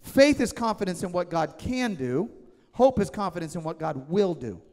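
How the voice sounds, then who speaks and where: Pastor guy in his 30s preaching, kinda high voice, lots of "right?", long church echo. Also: very animated, normal speed, darkish tone. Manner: emphatic, conversational, asks the congregation questions. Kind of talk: sermon. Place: church sanctuary. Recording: long church hall reverb.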